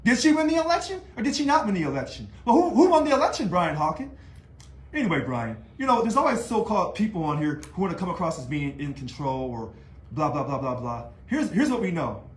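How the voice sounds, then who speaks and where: Man, casual to-camera monologue, taunting rhetorical style, high voice, roomy echo. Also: quick pace. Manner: animated, taunting, rhetorical questions. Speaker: union leader. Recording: echoey room.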